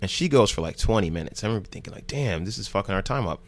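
A man's voice: on the low side, lively intonation, very fast. A man from New Jersey, a news show host, telling a rambling story in casual, loose speech full of "like" and swearing. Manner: laid-back, rambling, heavy on "like", swears freely.

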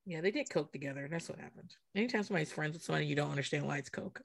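A woman's voice: low-pitched, very fast, vocal fry, crowd noise. A woman co-hosting a podcast, making blunt, profane jokes and laughing in casual chat. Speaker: podcast co-host.

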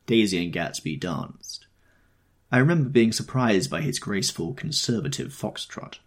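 Male audiobook narrator, very low voice, gravelly, husky, lively intonation, measured reading. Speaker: audiobook reader. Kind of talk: first-person novel narration.

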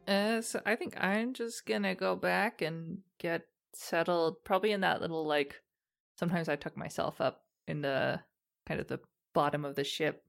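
A woman's voice: on the low side, moderate pace, creaky, soft background music. A woman playing her character in a tabletop game, talking in a rambling, hesitant way. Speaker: player. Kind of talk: tabletop role-play, in character.

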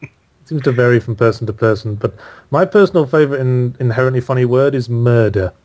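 A man with an English accent talks casually as a podcast guest. His humor is dry and wry, and his voice sits at an everyday middle pitch. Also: fast, darkish tone. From England. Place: home in Australia, remote call.

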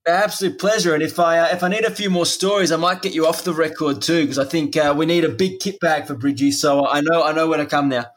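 Fast-talking guy hosting a podcast, higher voice, brisk and friendly. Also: fairly even intonation. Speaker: podcast host. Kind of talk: casual podcast chat.

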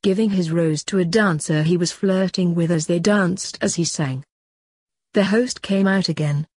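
A woman hosting a podcast and reading her own story in a steady, even way. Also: on the low side, normal speed, husky, no echo, studio quality. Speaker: podcast host, author.

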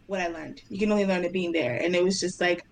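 A young woman dancer and choreographer telling stories in a casual interview, animated and acting out her own past dialogue in excited voices. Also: fairly low pitch, fast, gravelly, a little hiss or hum, poor audio. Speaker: dancer and choreographer, podcast guest.

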